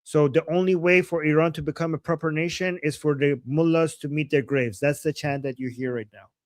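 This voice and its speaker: A man hosting a casual live stream, reacting with excitement to protest videos and translating the chants for his viewers. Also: a little high, brisk, dry recording, studio quality. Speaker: political commentary host. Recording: loud background noise.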